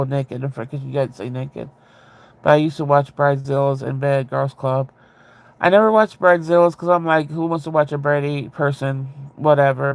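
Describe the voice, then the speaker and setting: A man chatting casually with viewers, rambling and candid, with a ready laugh and a gravelly voice. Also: a little high. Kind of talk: casual chat.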